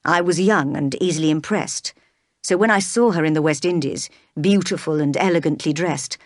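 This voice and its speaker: Brief: brooding commanding gentleman, read by a woman, low voice, dry close audiobook sound. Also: dry recording, close to an everyday voice. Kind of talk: audiobook reading.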